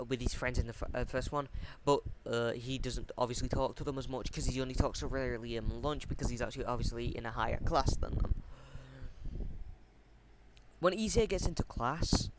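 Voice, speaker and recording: A man casually retelling a fan story, hesitant and full of ums and restarts, talking into a computer mic on a voice chat. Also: medium pitch. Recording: noisy home mic recording.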